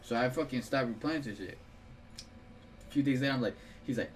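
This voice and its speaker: A young man hosting a casual gaming video, swearing and laughing as he tells stories and yells instructions at a friend. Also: medium pitch, a little fast, a little hiss or hum. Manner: profane, laughing, swings from storytelling to yelling at his partner.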